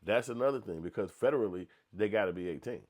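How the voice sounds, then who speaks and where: A man with a lowish voice runs through a blunt opinion rant, heavy with slang and cursing. He talks loosely and keeps slipping into other voices to act out what people said. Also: quick pace, darkish tone. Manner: blunt, profane, slangy, acts out quotes in voices. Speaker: commentator.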